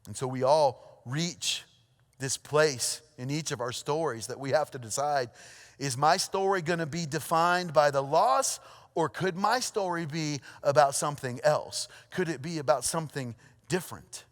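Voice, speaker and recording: A pastor preaching a sermon, telling a story with lively energy, then dropping to a hushed, earnest tone. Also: male voice, fairly high pitch, moderate pace. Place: church auditorium. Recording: long hall reverb.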